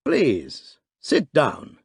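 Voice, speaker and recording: A man reading aloud, voicing a calm police chief who speaks in pleasant, level tones. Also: fairly high pitch, very slow, vocal fry, husky, pitched above the performer's own voice, heavily acted. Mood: calm, probing.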